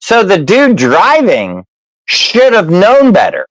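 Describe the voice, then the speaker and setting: Animated, profane male host; bright, lively delivery, dry mic. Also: sits high, takes it slowly, no echo, rough recording. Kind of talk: casual storytelling chat.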